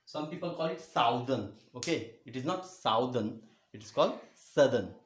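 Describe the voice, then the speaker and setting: A male school teacher giving a geography lesson, speaking slowly, repeating words and spelling them out letter by letter, with frequent checks of "okay?". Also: medium pitch, expressive. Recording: echoey room.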